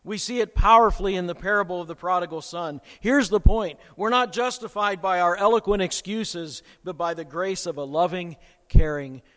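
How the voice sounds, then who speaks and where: A man preaching a sermon with dramatic swings in loudness and pace. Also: high-pitched, moderate pace. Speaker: pastor. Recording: long hall reverb.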